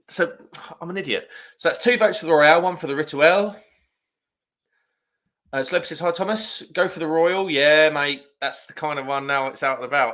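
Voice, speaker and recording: A man's voice: fairly high pitch, bright, forceful tone. A man hosting a casual beer-review live stream, chatting in a rambling way and reading viewer comments aloud.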